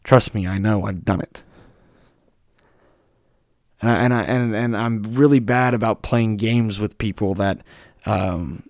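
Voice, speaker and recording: A young man talks alone on his podcast, his voice hoarse from a recent cold. He speaks bluntly and heatedly, with a low, gravelly tone. The sound is close and dry. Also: a little slow, pauses often, dry recording. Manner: blunt, ranting. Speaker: podcast host. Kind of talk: solo podcast monologue.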